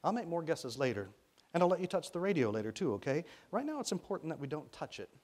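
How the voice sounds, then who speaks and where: A man reading the part of a calm, wry grown man who talks patiently with a curious small child, in a gently amused manner. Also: fairly high pitch, fast, pitched above the performer's own voice.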